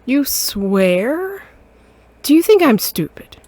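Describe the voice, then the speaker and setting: A woman voicing a bossy, loud mother cat who scolds her grown son in a game. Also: fairly low pitch, very animated, extremely slow, dry recording, exaggerated voice. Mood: scolding. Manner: shouting, scolding, indignant. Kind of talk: game voice acting.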